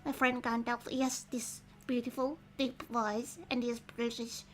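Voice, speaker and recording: High-pitched woman streamer, giggly and chatty. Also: level tone, normal speed, poor audio. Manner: chatty and giggly, thinking aloud with many restarts. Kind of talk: casual livestream commentary.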